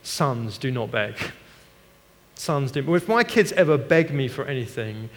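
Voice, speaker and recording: A middle-aged man preaching a sermon as pastor, moving between hushed, earnest passages and animated, laughing stories. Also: medium pitch, a little slow. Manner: animated storytelling with laughs and shifts from hushed to loud. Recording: long hall reverb.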